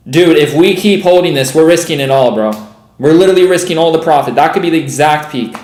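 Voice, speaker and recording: A man's voice: a little high, a little fast, darkish tone, reverberant. A young man giving profane, exasperated live commentary on his trades as a streaming day trader, peppering every sentence with "bro" and "dude.".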